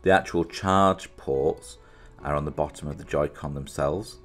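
A British man with an unusually deep, low-pitched voice talks through a gadget unboxing in a loose, chatty way. He thinks aloud and pokes fun at himself. Quiet music plays faintly underneath. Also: a little slow. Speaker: reviewer presenting an unboxing. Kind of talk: casual product demonstration.

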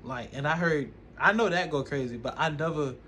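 A man's voice: on the high side, moderate pace, pushed and bright, a little hiss or hum. A man hosting a reaction video, chatting casually in slang and laughing often. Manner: laid-back slangy chat, laughs often.

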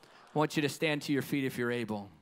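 A man preaching a live conference sermon, swinging passionately between hushed tones and booming declarations. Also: fast talker. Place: conference stage before a crowd.

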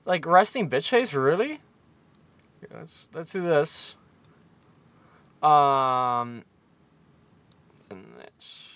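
Tipsy twenty-something guy rambling and cursing on stream, high bright voice jumping all over, dry close mic. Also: very animated, very slow, long pauses, dry recording. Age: 20s. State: tipsy from shots. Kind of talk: casual live-stream chat.

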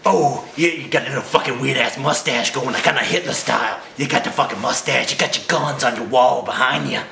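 A man's voice: mid-range voice, a little fast, vocal fry, sharp tone, slight background noise. A man ranting angrily at the camera with crude, aggressive swearing, recorded with a roomy echo. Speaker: vlogger. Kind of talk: profane angry rant.

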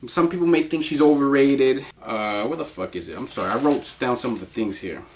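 A man's voice: mid-range voice, animated, normal speed, a little hiss or hum. Crude, rambling man swearing constantly. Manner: crude, profanity-heavy, rambling with frequent laughs. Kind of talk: casual countdown commentary.

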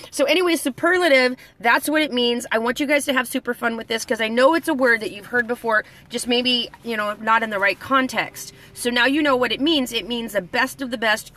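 A woman's voice: a little high, sharp tone. A woman hosting a word-of-the-day lesson in a chatty way, greeting viewers by name, with a slight lisp from orthodontic bands. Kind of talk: casual live video lesson.

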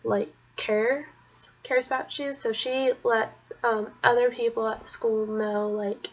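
Young woman, gravelly fry, chatty rambling story, muffled lo-fi sound. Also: fairly high pitch, fairly even intonation, normal speed. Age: young adult. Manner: rambling, chatty, drops to a whisper at painful parts. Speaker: vlogger. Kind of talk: casual storytelling to camera.

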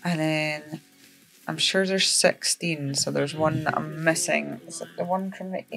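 A woman's voice: deep voice, steady tone, a little slow, vocal fry, over music, low-quality recording. A woman giving rambling, casual commentary over her Minecraft gameplay late at night, tired and full of fillers. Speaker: Minecraft server player and YouTuber.

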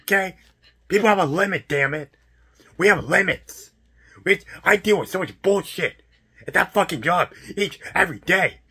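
A young man in a profane, exasperated vlog rant about his fast food job, repeating himself as he vents. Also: high-pitched, expressive, sharp tone, husky. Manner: exasperated, profane, repetitive ranting. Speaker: fast food worker ranting.

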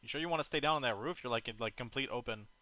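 Bright-voiced teasing man in game chat. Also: medium pitch, rapid-fire, dry recording. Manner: laughing, teasing, loud. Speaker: player in a military game.

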